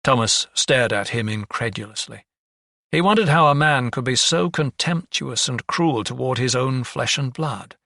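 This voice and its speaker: A man reading an audiobook in a measured storytelling manner. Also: mid-range voice, gravelly, pushed and bright, dry recording, clean studio sound. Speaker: audiobook narrator. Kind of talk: scripted narration.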